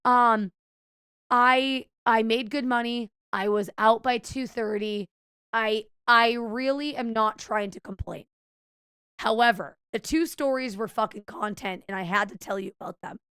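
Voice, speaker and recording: A young adult woman streamer chatting casually with viewers, telling a story with lots of swearing, quoting herself in a lively way, with a slight stutter. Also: a little high, measured pace, clean tone, no room sound, studio quality.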